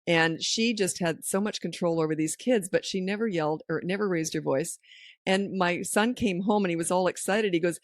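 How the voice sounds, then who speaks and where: A woman's voice: lowish voice, normal speed, no echo, clean studio sound. A middle-aged woman hosting a parenting podcast, giving down-to-earth advice and telling stories that act out what people said. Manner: anecdotal, down-to-earth, acts out quoted lines. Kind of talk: casual advice chat.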